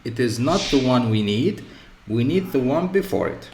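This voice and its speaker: A man teaching English word stress in a slow, repetitive lesson, often pausing with "okay" and "so". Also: medium pitch, animated. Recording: echoey room with faint ambient noise.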